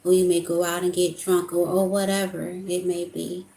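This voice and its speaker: A woman's voice: lowish voice, flat delivery, normal speed, vocal fry, mellow, slight background noise. A young adult woman giving an emotional, casual tarot reading, talking to her viewers as y'all. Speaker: tarot reader. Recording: echoey room with faint ambience.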